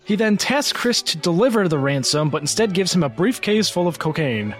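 A man's voice: sits high, sing-song, a little fast, faint music behind. A man reading a silly plot summary aloud to friends, often breaking into laughter as he goes. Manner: reads with rising giggles, breaks into laughter.

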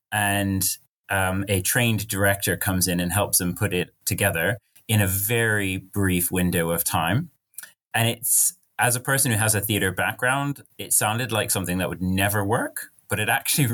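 Brief: young pastor, low voice, American accent with British traces, earnest guest on a chat podcast. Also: male voice, a bit bright. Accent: mid-Atlantic, American with British traces. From rural Virginia, US. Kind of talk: casual podcast conversation.

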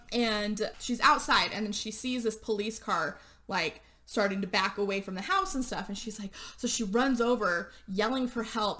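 A woman hosting a podcast, casually recapping a horror movie and acting out the characters' lines in a chatty, animated way. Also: medium pitch. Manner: animated storyteller, acts out characters' lines, lots of "like". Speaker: podcast host.

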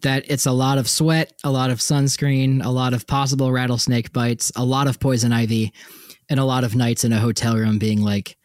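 A young man co-hosting a podcast, telling stories in a casual, animated way with lots of laughter. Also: normal speed, no room sound, clean studio sound. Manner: animated, laughing, frequent likes and jumpy pitch. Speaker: podcast co-host. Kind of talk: casual storytelling chat.

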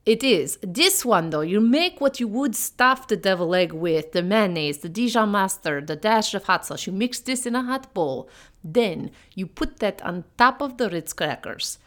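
A woman's voice: medium pitch, lively intonation, normal speed, close to an everyday voice. A woman putting on an exaggerated fake Russian accent for a comedy bit, speaking in broken grammar with dropped articles. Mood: hammy. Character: woman hamming up a mock Russian cook.

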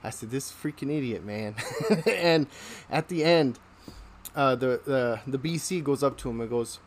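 A man's voice: mid-range voice, measured pace. A man hosting a podcast, telling casual stories, laughing often and acting out the people in them. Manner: acts out the people in his stories. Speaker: podcast host. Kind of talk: casual storytelling.

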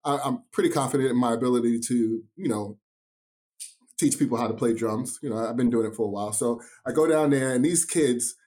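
Male guest, New York-raised drum teacher, emphatic storyteller, mid-pitched voice. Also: fairly quick, darkish tone. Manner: enthusiastic, emphatic, says "man" a lot. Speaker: drumline instructor and podcast guest. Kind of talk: casual interview storytelling.

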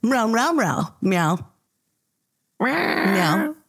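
Woman playing a sly homewrecking tabby cat, slow meowing, husky, improv comedy. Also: on the high side, big pitch swings, a bit bright, full character voice. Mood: taunting. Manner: meows between her words.

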